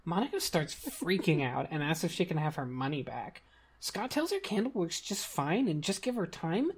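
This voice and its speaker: A woman's voice: on the low side, very animated, normal speed, slight background noise. A woman co-hosting a comedy podcast, reading a story aloud in a playful, exaggerated way.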